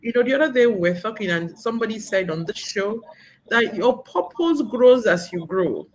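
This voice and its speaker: A woman hosting an interview show, effusive and animated, laughing often as she talks. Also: medium pitch, moderate pace, a little hiss or hum, rough recording. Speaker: talk show host.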